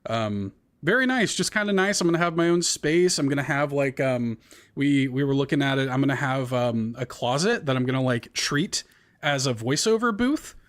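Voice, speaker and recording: A man's voice: mid-range voice, lively intonation, normal speed, fairly bright tone. A man co-hosting a casual gaming podcast, rambling with fillers and restarts. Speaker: podcast co-host. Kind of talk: casual chat.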